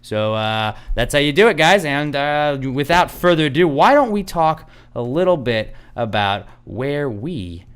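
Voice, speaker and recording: Guy hosting a podcast, smooth clear voice, rambly casual chat, lots of likes and uhs. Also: fairly high pitch, very animated, measured pace, hardly any pauses. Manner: rambling, many fillers and restarts. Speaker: podcast host.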